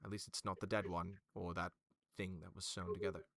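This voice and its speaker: A man voicing a flamboyant, excitable male elf noble who gushes in exclamations. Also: low voice, vocal fry, no room sound. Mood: smug. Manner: gushing, exclamatory, drawn-out vowels.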